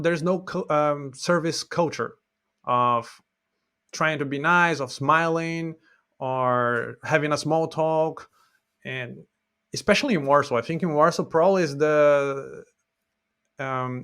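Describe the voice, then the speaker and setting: A man's voice: fairly high pitch, a bit bright. A man from Brazil, a native Portuguese speaker with a Brazilian accent, talking earnestly as a podcast guest. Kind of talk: casual interview chat.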